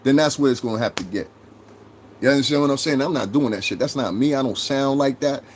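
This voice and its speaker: A man's voice: medium pitch, fast talker, slight background noise. A man with a New York accent in his thirties, hosting a casual livestream, brash and profane as he talks straight to his chat. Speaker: livestream host.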